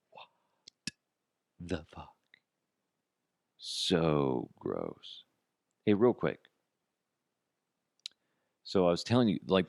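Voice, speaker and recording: A middle-aged man hosting a podcast, telling profane, comic stories in a casual way and jumping to a high, disbelieving pitch. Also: vocal fry, no echo, clean studio sound. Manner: profane, animated, jumps to high incredulous pitch. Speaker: podcast host. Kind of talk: casual comedic storytelling.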